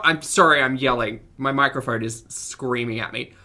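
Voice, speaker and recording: Blunt low-voiced woman reacting on stream. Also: normal speed, sharp tone. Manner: blunt, sarcastic, exasperated ranting. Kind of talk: live-stream reaction commentary.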